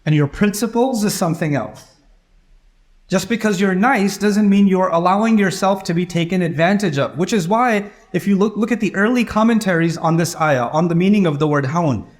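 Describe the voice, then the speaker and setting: A man's voice: high-pitched, a little fast, hardly any pauses. A middle-aged man giving an Islamic lecture, telling stories and acting out the voices of the people in them. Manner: storytelling, acts out quoted voices. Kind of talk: religious lecture.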